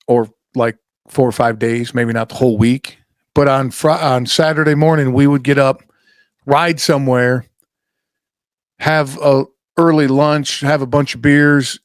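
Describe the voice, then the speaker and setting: A man's voice: medium pitch, dry recording. A middle-aged man hosting a podcast, chatting casually, swearing freely and telling stories. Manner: swearing, storytelling with acted-out quotes. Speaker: podcast host. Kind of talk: casual chat.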